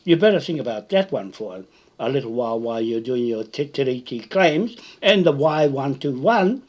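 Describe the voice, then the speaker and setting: New man, husky and unhurried, swooping pitch, repetitive confrontational live-video rant. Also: sing-song, darkish tone. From New Zealand. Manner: repetitive, confrontational, tag questions like "Hmm?". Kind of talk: rambling live-stream monologue.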